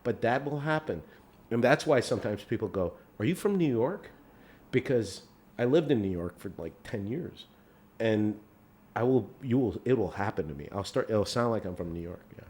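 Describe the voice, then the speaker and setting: An Iranian man whose first language is Farsi, a lawyer, co-hosts a podcast in easygoing casual conversation, often restarting sentences and trailing off as he thinks. His voice is on the low side, expressive and somewhat dark, at a moderate pace.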